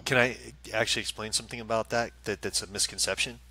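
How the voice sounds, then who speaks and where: Male psychic co-host, chatty and stammering, lowish bright voice. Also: fairly even intonation, fast, rough recording. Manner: rambling, stammering, joking. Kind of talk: casual live-stream chat.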